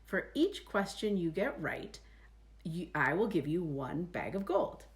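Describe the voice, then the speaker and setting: A woman voicing a smug, cruel king who enjoys making people squirm, speaking in slow, drawn-out lines. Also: fairly low pitch, sing-song. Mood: teasing.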